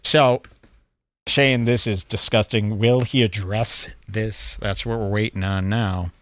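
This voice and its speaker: A man hosting a crude comedic commentary show, mocking and animated, reading chat aloud. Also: fairly low pitch, slow, no room sound. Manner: mocking, animated, puts on silly voices. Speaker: show host.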